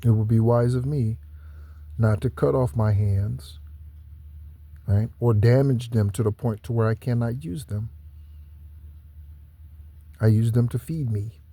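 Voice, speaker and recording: In a dry recording, a man of medium pitch and dark tone gives a solo spiritual monologue to his viewers as a channel host. He sounds preachy, circling back over his points and slowing for stressed asides.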